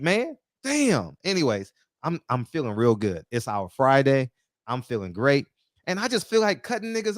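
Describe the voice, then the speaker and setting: A man's voice: high voice, no room sound. A man hosting a live call-in show, talking brash, profane and amped up in casual chat.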